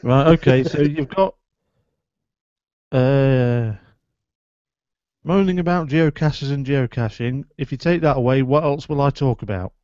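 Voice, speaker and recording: A man's voice: mid-range voice, unhurried, long pauses, darkish tone, no room sound. A man co-hosting a live podcast, joking and teasing. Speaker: podcast co-host. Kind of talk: casual live podcast chat. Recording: dull lo-fi live stream audio.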